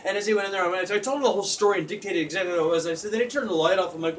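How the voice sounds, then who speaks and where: A young man with a high, bright voice tells a rambling comic story, breaking into laughter again and again. He swears freely and acts out the loud screams. He sounds a little far from the mic, with faint noise behind him. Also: expressive, brisk. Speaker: storyteller guest. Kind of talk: casual comedic storytelling.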